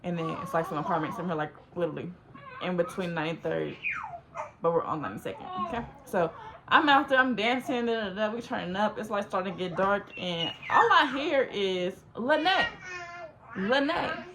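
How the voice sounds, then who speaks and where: A young woman telling a rambling, animated story, filling it with "like.". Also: on the low side, brisk, background noise. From Los Angeles. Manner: rambling, says "like" constantly, animated. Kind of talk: casual storytime.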